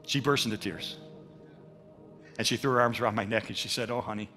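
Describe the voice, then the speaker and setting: An older man telling his faith story as a sermon at a church, with animated storytelling and acted-out quotes. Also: medium pitch, fairly quick, faint music behind. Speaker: speaker at a church. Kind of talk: testimony sermon.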